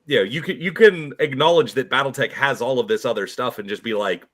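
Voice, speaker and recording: A man's voice: medium pitch, fast, a bit bright. A man on a casual stream panel, easygoing and explaining his point through comparisons.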